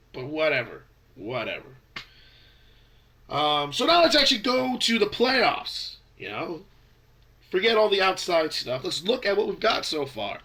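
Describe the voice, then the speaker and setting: Pitched high, pushed and bright, this basketball fan vlogger's voice is stuffy and congested from a cold. He's a young man rambling through opinionated predictions about basketball in a laid-back sports commentary vlog.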